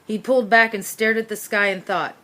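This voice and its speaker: A woman reading a children's chapter book aloud, narrating in the first person with expressive delivery. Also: mid-range voice, fairly quick. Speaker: storyteller.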